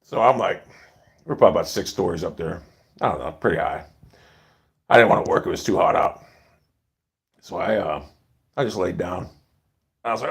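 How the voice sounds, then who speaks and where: A man's voice: fairly low pitch, animated, a little fast, creaky, long pauses. A man telling stories in a casual, rambling monologue, blunt and profane, with many restarts. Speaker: storyteller.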